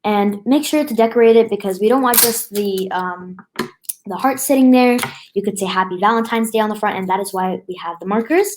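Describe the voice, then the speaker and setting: A woman's voice: mid-range voice, fairly quick, a little mellow, poor audio. A woman hosting a craft tutorial at a table, talking casually through each step with many fillers and restarts. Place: indoors at a table.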